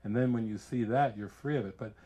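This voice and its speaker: A man, a spiritual teacher, giving a casual talk full of animated stories and frequent laughter. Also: lowish voice, fairly quick, husky. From United States. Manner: animated storyteller who laughs often.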